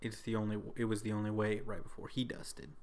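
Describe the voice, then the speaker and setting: A man's voice: fairly low pitch, little pitch movement, fast talker, a little mellow, clear, resonant tone. A young man co-hosting a podcast, rambling in casual chat and laughing often. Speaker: podcast co-host. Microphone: podcast mic.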